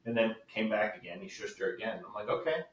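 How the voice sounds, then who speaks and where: A man's voice: lowish voice, fairly even intonation, fast talker, recorded from a distance. A man talking frankly in a casual podcast conversation, swearing freely and telling stories with energy. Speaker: podcast guest. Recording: echoey room, voice off the mic.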